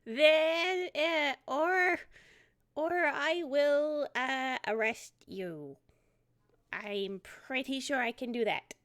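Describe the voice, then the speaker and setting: A woman's voice: sits high, very slow, a bit bright, no echo, studio quality, pitched above the performer's own voice, heavily acted. A woman voicing an earnest, unsure young boy who plays detective and speaks in a hesitant yet stern way. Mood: earnestly stern.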